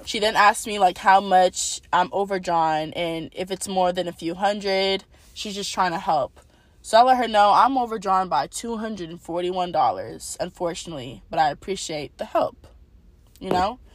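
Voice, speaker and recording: A young woman telling a personal faith testimony in a casual, animated storytelling way, talking straight to her viewers. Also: mid-range voice, moderate pace, dry recording. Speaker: testimony speaker.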